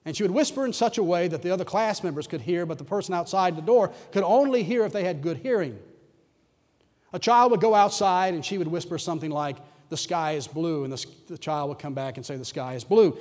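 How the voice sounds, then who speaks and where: A man preaching a sermon, telling a story in earnest and dropping to a soft hush as he prays. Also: high-pitched, fast. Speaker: pastor. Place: large church hall. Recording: long hall reverb.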